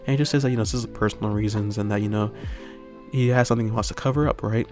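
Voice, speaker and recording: A man's voice: fairly low pitch, fairly even intonation, very fast, over music. A man improvising a fan story aloud in a rambling way, full of fillers and tag questions. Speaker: channel host.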